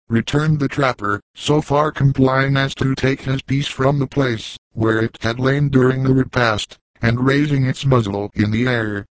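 A man giving an even, formal audiobook narration of a classic novel. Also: mid-range voice, measured pace, hardly any pauses, no echo, low-quality recording.

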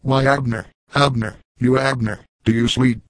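A sharp-tongued frontier mother scolds and mutters threats through a doorway in the night, as a man reading the story puts her on. The voice sits at an ordinary middle pitch. The sound is dry and close. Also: steady tone, moderate pace, no room sound, close to an everyday voice. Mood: scolding.

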